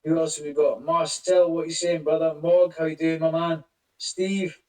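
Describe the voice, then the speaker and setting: Man, casual voice chat host, rambling and cursing, high voice, distant from the mic. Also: flat delivery, moderate pace, roomy sound. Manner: rambling, swears a lot, greets listeners by name. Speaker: crypto project lead hosting a community voice chat.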